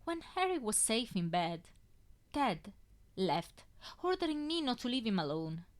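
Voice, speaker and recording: A woman reading a fanfiction story aloud in the first person, with a measured, emotional delivery. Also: fairly low pitch, animated. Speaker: fanfiction reader.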